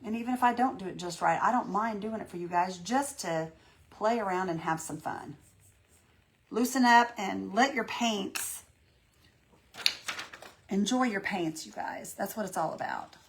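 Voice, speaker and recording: A woman's voice: mid-range voice, a little fast. A woman hosting a live painting demo, chatting in a folksy, encouraging way with her viewers. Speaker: craft tutorial host.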